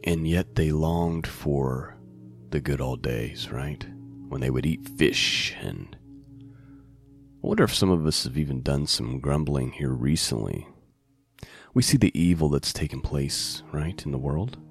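A man's voice: extremely low pitch, lively intonation, unhurried, gravelly, soft background music. A man teaching a bible passage on a podcast in a conversational way, often checking in with the listener. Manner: conversational, asks the listener "right?" and "okay?".

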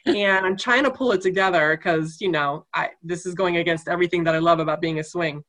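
A woman's voice: lowish voice, brisk, a bit bright. A woman guest telling a funny story in casual conversation, laughing often as she talks.

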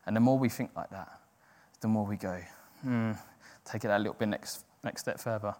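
A man's voice: fairly low pitch, normal speed, a little mellow. A man preaching a sermon in an earnest, self-deprecating way, acting out the doubting voices in his head. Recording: long hall reverb.

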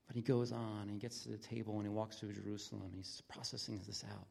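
A man preaching a conversational sermon in an earnest, plain-spoken way, his voice dropping from lively emphasis to hushed, intimate tones. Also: lowish voice, fast talker, gravelly, breathy edge. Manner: earnest, swings from loud excitement to near-whisper intimacy. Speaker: pastor.

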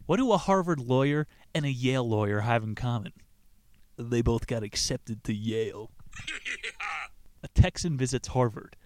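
A man's voice: mid-range voice, very animated, unhurried, pauses often, noisy background. Brash joking male podcast host. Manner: brash, swearing, cracking corny jokes. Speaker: podcast host reviewing books. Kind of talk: crude comedic book chat with read-aloud passages.

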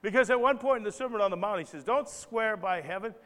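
A man preaching a live sermon as pastor, talking conversationally and then building to loud, emphatic, impassioned bursts. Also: high voice, quick pace. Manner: conversational asides, stops himself to rephrase. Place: church hall. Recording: live church recording with long reverb.

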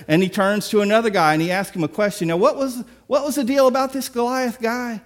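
A man preaching a sermon, retelling a story with lively, acted-out dialogue. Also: very high-pitched, brisk. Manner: animated storytelling, acts out characters. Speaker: pastor.

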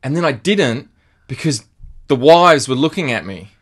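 A young man chatting on a podcast, his pitch sitting right in the middle. He tells his stories loosely, laughing often and swearing freely. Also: animated, normal speed, slightly rough. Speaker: podcast co-host. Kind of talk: casual chat.

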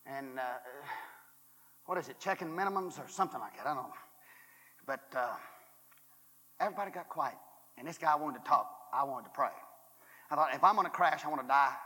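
A man preaching a fiery revival sermon, booming and shouting at the climaxes, then dropping to hushed asides, recorded in a hall at a 1980s college revival. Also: expressive, brisk, long pauses. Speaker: former church superintendent. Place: college chapel revival service.

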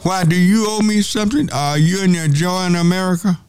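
Argumentative radio host. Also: male voice, high-pitched, fairly even intonation, fairly quick, darkish tone, clean tone. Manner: argumentative, insistent, repeats phrases. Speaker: radio call-in show host. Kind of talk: call-in radio talk.

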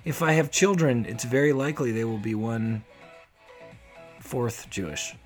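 Male podcast host, mid-pitched, loose comedic monologue, soft music bed underneath. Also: normal speed. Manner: wry, rambling, self-deprecating. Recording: faint music playing behind. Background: soft background music.

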